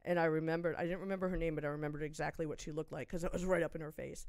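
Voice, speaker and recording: A woman's voice: low-pitched, racing, dry recording. A woman guest on a podcast, telling a personal story in casual chat and acting out the voices she quotes. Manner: animated, acts out quoted voices.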